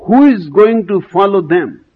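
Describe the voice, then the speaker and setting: Man, spiritual teacher, raspy voice, slow rhetorical questions, lecture. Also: sits high, lively intonation, narrow, tinny audio.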